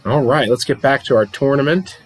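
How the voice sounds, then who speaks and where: A chatty, self-deprecating man from around Pittsburgh calls a tabletop wrestling card game play by play on a livestream, reading chat and laughing a lot at himself. His medium-pitched voice moves fairly quickly, though the audio is poor.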